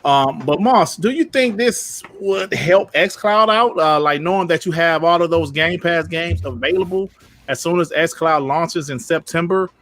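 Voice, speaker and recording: A man's voice: fairly high pitch, a little slow, a bit bright. A man hosting a live gaming podcast in a loose, slangy way, greeting the chat and asking his co-hosts questions. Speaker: podcast host reading chat. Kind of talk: casual live-stream chat.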